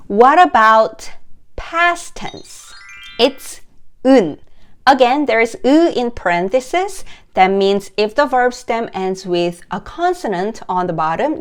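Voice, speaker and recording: A woman teaching a grammar lesson, explaining slowly in English and reading example sentences quickly. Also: mid-range voice. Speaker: Korean language teacher.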